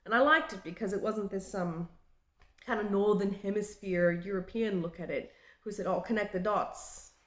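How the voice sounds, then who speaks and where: A woman from Australia in her late twenties or thirties, with an Australian accent, talking in a halting and reflective way in a personal vlog. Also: medium pitch, fairly bright tone. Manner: halting and reflective, with frequent restarts. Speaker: vlogger. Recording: roomy echo.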